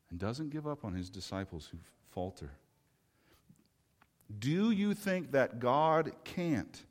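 Male preacher, sermon, impassioned, rhetorical questions, middle pitch, long echo. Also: a little mellow. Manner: impassioned, rhetorical questions, acts out quoted voices. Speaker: pastor. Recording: long hall reverb.

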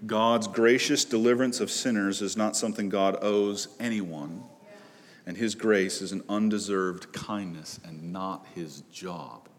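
A man with a somewhat low voice preaches a sermon. He speaks with earnest conviction, climbing to loud pleas and sinking to hushed, heavy lines. His voice rings with the long reverb of a large hall. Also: unhurried. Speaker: pastor.

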